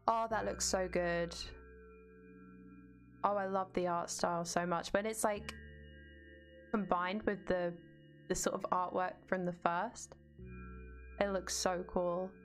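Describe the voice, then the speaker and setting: A woman's voice: lowish voice, steady tone, slow, long pauses, faint music behind. A woman streaming a game, chatting casually with viewers and reading the game's narration aloud.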